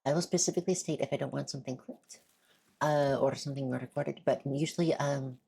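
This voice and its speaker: Low husky woman streamer. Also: fairly even intonation, fairly quick, mellow. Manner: chatty, talks while eating. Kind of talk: casual let's-play chat.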